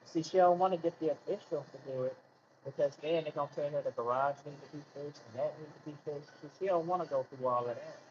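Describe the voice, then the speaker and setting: In a casual vlog rant, a man tells a personal story in colloquial speech, repeating himself and asking rhetorical questions. He talks fast in a fairly high, darkish voice, and the recording is muffled and lo-fi with a faint hiss.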